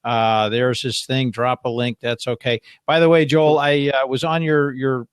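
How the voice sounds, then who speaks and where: A man's voice: mid-range voice, flat delivery, unhurried, smooth, no room sound. A man hosting a live-streamed show, chatting casually in a rambling, joking way. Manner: rambling, jokey, trails off and restarts. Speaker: show host.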